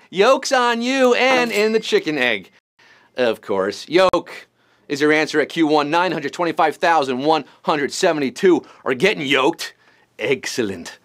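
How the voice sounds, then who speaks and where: Running a live trivia game, a man with a mid-range, slightly bright voice reels off questions. His delivery is bouncy and jokey, packed with puns and sudden silly voices.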